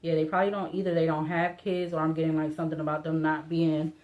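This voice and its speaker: A woman's voice: deep voice, flat delivery, fast, highs cut off. A woman reading tarot cards in a casual, musing way, hesitating often with fillers and restarts, her voice breaking up a little. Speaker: tarot reader.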